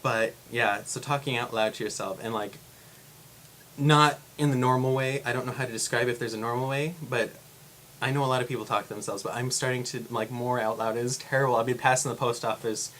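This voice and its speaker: A man's voice: medium pitch, steady tone, a little fast, a bit bright, a little hiss or hum. A young man rambling in a casual vlog from his room, laughing often and acting out what people say. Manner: rambling and chatty, laughs often, acts out quotes. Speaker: vlogger. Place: home room indoors. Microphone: camera facing speaker.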